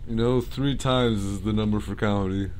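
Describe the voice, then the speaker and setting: A man's voice: steady tone, normal speed, darkish tone, a little hiss or hum. A man co-hosting a let's play video, joking around with his friend in casual gaming banter. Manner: joking, breaks into bits of sung falsetto.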